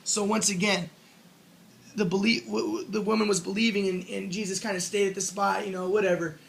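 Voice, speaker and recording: A man's voice: high-pitched, level tone, fairly quick, creaky. A man giving an informal spoken lecture, casually retelling a story and thinking aloud as he explains his own model. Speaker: self-published theorist explaining his model.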